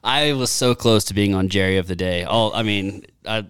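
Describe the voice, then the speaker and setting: Man co-host, thirties, low smooth voice, animated swearing storyteller, dry close mic. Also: normal speed, dry recording. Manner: animated storyteller, swears freely, acts out quotes. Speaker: podcast co-host. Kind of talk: casual golf podcast chat.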